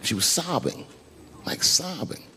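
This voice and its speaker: Brief: male stand-up comic, lively pitch swings, hall echo, loud audience. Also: unhurried. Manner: animated, shouting punchlines, dropping to hushed asides. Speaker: comedian. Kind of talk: stand-up comedy. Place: large theater stage. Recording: echoey hall with loud crowd.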